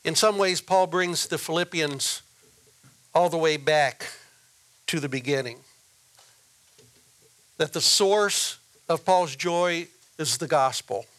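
A man preaching a sermon as a pastor, slow and deliberate, repeating key phrases for emphasis. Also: fairly high pitch, a bit bright.

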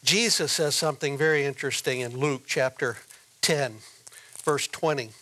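A man preaching a sermon as a pastor, slow and deliberate, repeating key phrases for emphasis. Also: mid-range voice, sharp tone.

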